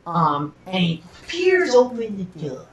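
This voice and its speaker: A woman in her twenties rambles through a casual movie recap, full of fillers, restarts and giggles. She talks slowly with a lively, swinging pitch. The recording is roomy and echoey, with the mic set well away from her. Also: a loud crowd. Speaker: movie reviewer. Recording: roomy echo, far from the mic.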